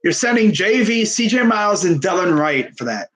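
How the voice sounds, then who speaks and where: Excitable young man streaming sports. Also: high-pitched, normal speed, low-quality recording. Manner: excitable, rambling, laughs often. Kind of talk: casual livestream sports commentary.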